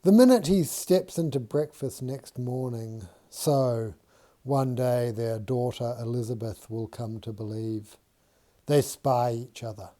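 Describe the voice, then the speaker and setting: A man reading a novel aloud in a measured, unhurried storytelling manner. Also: medium pitch, dark tone. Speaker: audiobook reader.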